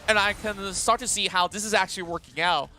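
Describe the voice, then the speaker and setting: Male esports caster, bright forceful tone, slightly high voice, faint music bed behind. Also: a little fast, slight background noise. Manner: animated, chatty play-by-play with frequent fillers. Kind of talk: live esports commentary.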